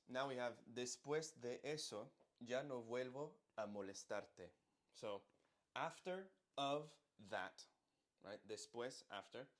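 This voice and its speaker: Male language tutor, mid-range voice, patient and methodical, explains lyrics word by word. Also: medium pitch. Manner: patient, repeats words and checks in with "right?". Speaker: language teacher. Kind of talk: explaining song lyrics line by line.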